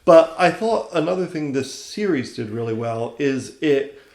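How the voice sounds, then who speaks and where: A man's voice: medium pitch, animated, moderate pace, reverberant, background noise. A man co-hosting a podcast in casual chat, often chiming in with short agreements and filler words. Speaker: podcast co-host.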